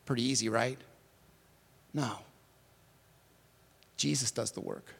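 A male pastor delivering an impassioned sermon at a church service, swinging from hushed to emphatic. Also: medium pitch, steady tone, slow pace, gravelly, long reverb tail.

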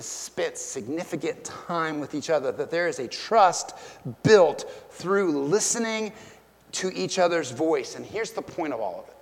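A middle-aged man delivers a sermon in a high, gravelly voice. He talks like he is chatting, telling stories and asking the listeners direct questions. His words ring out through the long reverb of a large hall. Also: fairly bright tone. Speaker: pastor.

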